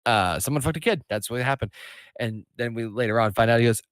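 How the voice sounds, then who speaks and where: A man in casual podcast chat, telling a story with plenty of swearing and jumping into raised voices for the people he quotes. His voice sits at an ordinary middle pitch. The mic is close and dry, with no room sound at all. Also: fast talker, no echo. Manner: profane, animated storyteller acting out quotes in a raised voice. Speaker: podcast co-host. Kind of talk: casual chat, retelling a comedy bit.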